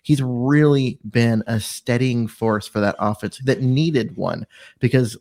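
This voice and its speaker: A man's voice: medium pitch, unhurried, darkish tone. A man co-hosting a sports podcast, talking football in a loose, rambling way. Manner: rambling, many fillers and restarts. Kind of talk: casual sports chat.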